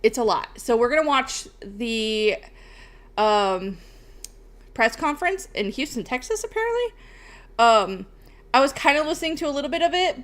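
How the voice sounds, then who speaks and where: Her voice sits high with a touch of brightness as this young streamer chats casually and wanders from topic to topic. She curses often and closes phrases with "bro" or "okay?"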